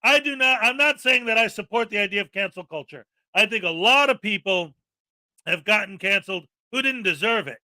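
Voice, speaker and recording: A man's voice: high voice, a little fast, pushed and bright, dry recording. A man hosting a daily live-stream, ranting with indignant sarcasm. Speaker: live-stream commentary host.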